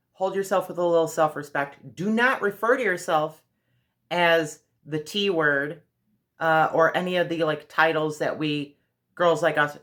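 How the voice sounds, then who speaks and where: A woman's voice: sits low, a bit bright. A woman vlogger giving earnest, direct advice in a casual monologue.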